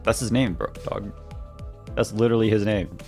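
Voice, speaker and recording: A man's voice: on the low side, normal speed, warm tone, faint music behind. A man streaming a game, joking with his chat and reading dialogue aloud. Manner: joking, laughs often, banters with chat.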